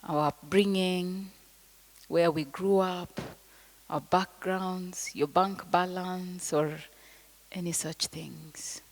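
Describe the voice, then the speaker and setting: A woman with a Kenyan accent giving an inspirational speech, emphatic and slow in phrasing, sometimes dropping to a soft whisper. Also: lowish voice, fairly even intonation. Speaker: motivational speaker. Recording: reverberant hall.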